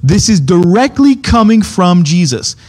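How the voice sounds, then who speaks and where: Male preacher, slightly high voice, casual, insistent Bible teaching. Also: sing-song, measured pace, darkish tone. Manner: emphatic, keeps checking in with "okay?"; repeats key points, restarts phrases.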